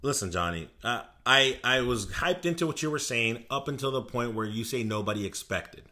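A man co-hosting a casual sports podcast. He sounds excitable and boastful, and his tone is bright and forceful. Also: medium pitch, normal speed. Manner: excitable, boastful fan talk. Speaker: podcast co-host.

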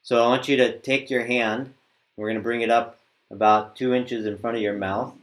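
A man patiently teaching Sanskrit pronunciation step by step, pausing and restarting as he demonstrates sounds. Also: medium pitch, level tone.

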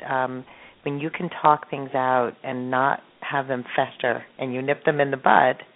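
A woman host giving warm, affirming reflections to her guest. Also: extremely low pitch, fairly even intonation, a little slow. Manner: warmly affirming. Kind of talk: supportive interview talk. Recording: tinny phone line.

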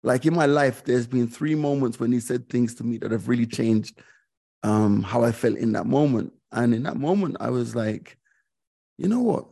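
A middle-aged man speaks as a podcast guest, recounting a personal story in a candid, reflective way. His voice is gravelly and mellow at a medium pitch. He often circles back, repeating phrases and leaning on fillers. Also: normal speed. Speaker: guest, DJ and radio host.

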